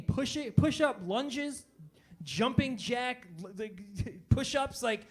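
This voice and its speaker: A man in his forties doing a self-deprecating stand-up comedy set, landing punchlines and tagging them with quick asides to the crowd. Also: extremely high pitch, animated. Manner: self-deprecating, punchy, tags jokes with "all right?".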